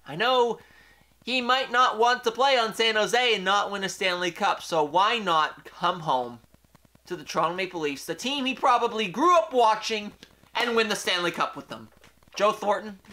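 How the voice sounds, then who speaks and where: A young man hosting a casual question-and-answer vlog, energetic, playful and opinionated. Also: high-pitched. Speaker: YouTube host.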